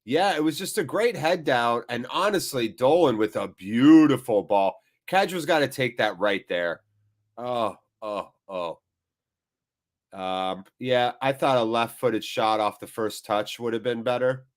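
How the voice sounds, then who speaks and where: A man hosts a live match watchalong with sniffly, blocked sinuses. He gives loose, chatty play-by-play that wanders into asides. His voice sits at a medium pitch. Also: measured pace. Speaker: host.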